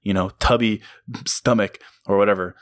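A man hosts a motivational podcast on his own, pressing his points with emphatic sincerity. His voice sits low, and he laughs easily between thoughts. The sound is dry and close, with no room around it. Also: steady tone, normal speed, no echo. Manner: earnest, emphatic, laughs often. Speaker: podcast host. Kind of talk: motivational solo podcast talk.

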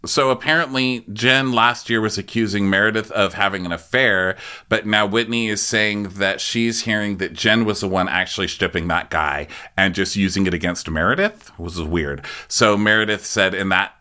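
A man's voice: lowish voice, moderate pace, hardly any pauses, pushed and bright, smooth. A man co-hosting a podcast, chatting casually in a sarcastic, profane way and laughing often. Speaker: podcast co-host. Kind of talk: casual recap chat.

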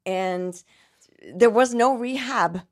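A woman's voice: fairly high pitch, slow, dry recording, clean studio sound. A middle-aged woman singer talking earnestly as a podcast guest, reflective, with frequent restarts and some stretched-out words. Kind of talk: candid conversational interview.

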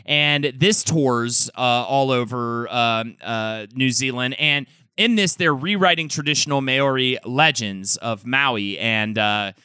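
Bright-voiced man, dry close sound. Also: medium pitch, smooth, no echo. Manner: brisk storytelling with occasional fillers. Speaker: podcast co-host. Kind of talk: casual podcast history chat.

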